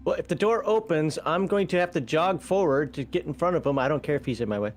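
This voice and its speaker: A man's voice: a little high, quick pace, faint music behind. Man thinking aloud as a tabletop player. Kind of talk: casual tabletop play.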